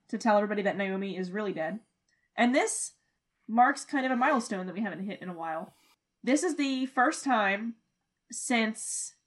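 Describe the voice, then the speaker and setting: A young woman co-hosting a podcast in casual chat, animated, laughing often and swearing freely. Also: medium pitch. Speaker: podcast co-host.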